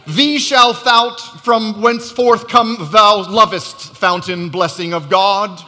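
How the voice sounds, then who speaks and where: A man putting on a mock old-fashioned preacher who speaks pompous King James English, slow and drawn out. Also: high-pitched, bright, forceful tone, soft background music, pitched above the performer's own voice, full character voice. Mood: mock solemn. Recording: long reverb of a church hall.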